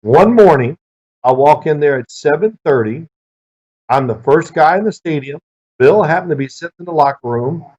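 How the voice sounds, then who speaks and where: A middle-aged man, a former football player, answering interview questions with lively anecdotes. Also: on the high side, normal speed. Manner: lively storyteller who acts out quoted people. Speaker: interview guest, former pro quarterback. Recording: dull lo-fi sound.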